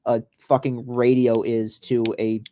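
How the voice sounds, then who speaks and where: A man's voice: mid-range voice, flat delivery, a little slow, warm tone, a little hiss or hum. A man hosting a casual podcast, chatting loosely over a live baseball game with profane, rambling asides. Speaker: podcast host.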